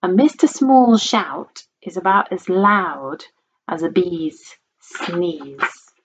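A woman reading a children's storybook aloud in a playful, expressive way. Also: lowish voice, takes it slowly, slightly rough. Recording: dull lo-fi recording.

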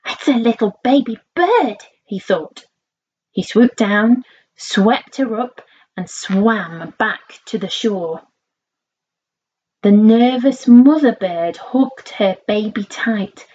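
A woman reading a children's story aloud in a slow, expressive way, on a slightly dull lo-fi recording. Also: mid-range voice.

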